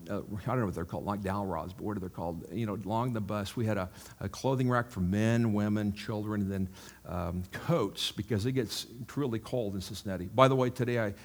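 A male pastor giving a sermon in a church, chatty and self-mocking, with frequent asides to the congregation. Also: fairly low pitch.

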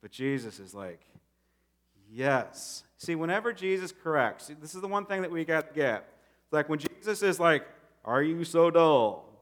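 Casual thirties male pastor, fairly high voice, chatty animated sermon. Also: a little fast. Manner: conversational, animated with acted-out quotes.

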